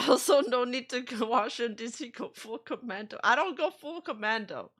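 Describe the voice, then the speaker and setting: A woman's voice: a little high, lively intonation, normal speed, fairly bright tone. A woman streamer in casual chat, rambling and trailing off as she reacts to videos. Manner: chatty, rambling, trails off mid-sentence.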